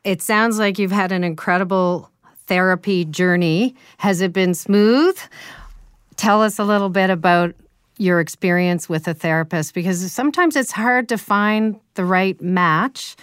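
A woman hosting an interview, asking gentle, encouraging questions. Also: mid-range voice, unhurried, clear, resonant tone, no echo, studio quality. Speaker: host.

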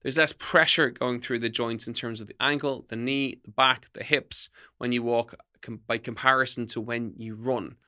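Bright-voiced fitness podcast host. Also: male voice, mid-range voice, fairly even intonation, normal speed, hardly any pauses. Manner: emphatic, repetitive, coaching tone. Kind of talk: solo podcast talk, tips.

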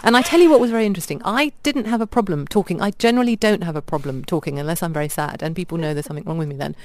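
A woman from India chatting on a radio show, telling animated stories about restaurants. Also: fairly low pitch, very fast, background noise. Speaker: radio guest reviewer. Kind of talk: casual radio chat.

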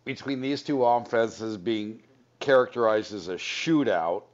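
A man hosting a sports radio show, rambling and joking, quick to laugh. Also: lowish voice, lively intonation. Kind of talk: casual sports radio talk. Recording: slightly dull radio broadcast audio.

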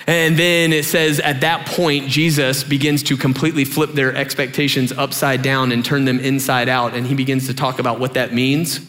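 A young adult man preaching a sermon as pastor, conversational and animated, using many fillers and acting out voices. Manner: animated, conversational, acts out voices with big pitch jumps; filler-heavy, says "like" often.

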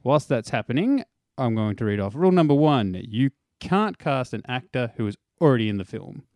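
A man hosting a casual podcast chat, his pitch swinging lively up and down as he talks. He laughs easily and reads out the rules of the show. The sound is dry and close, with no room around it. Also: a little fast, dry recording. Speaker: podcast host.

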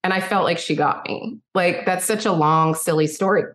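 A woman guest, a singer-songwriter, telling stories in a chatty, animated way and acting out the dialogue. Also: fairly low pitch, moderate pace. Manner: chatty, animated storyteller who acts out dialogue. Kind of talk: casual interview storytelling. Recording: roomy echo.

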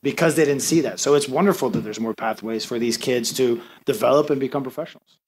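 A man's voice: mid-range voice, fast talker. A man speaking in a news interview clip about local players. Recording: faint ambient noise.

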